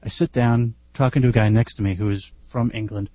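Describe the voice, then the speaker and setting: A man with a mellow, slightly husky voice guests on a casual podcast. He tells lively, self-deprecating anecdotes into a close, dry mic. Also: lowish voice, brisk, dry recording.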